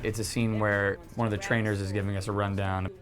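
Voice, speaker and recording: A young man, an actor, telling animated anecdotes about filming in an interview. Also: on the low side, fairly quick. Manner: animated storytelling, repeats words.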